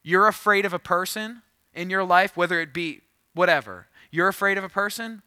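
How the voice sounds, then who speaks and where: A man's voice: high-pitched, moderate pace, smooth, dry recording. A man in his thirties preaching a sermon, telling a funny story with jokes before reading scripture. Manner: storytelling, animated and joking. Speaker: pastor.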